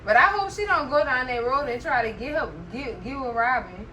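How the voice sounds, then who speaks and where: A woman hosting a casual TV recap, chatty and animated, often laughing and calling the viewer "girl". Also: sits high, a little fast, slight background noise, poor audio. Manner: laughs often while talking. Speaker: TV recap host.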